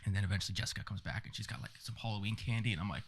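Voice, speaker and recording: A man's voice: on the low side, very fast, vocal fry, slight background noise. A young man on a podcast telling a funny story about himself, acting out the other people's lines. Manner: animated, self-mocking, acts out dialogue. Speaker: podcast co-host. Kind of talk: casual storytelling.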